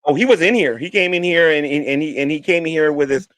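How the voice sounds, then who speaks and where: A man's voice: on the high side, quick pace, a bit bright, dry recording. Blunt New York man, dry sound. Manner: blunt and combative, repeats his points. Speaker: livestream host. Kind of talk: heated livestream talk.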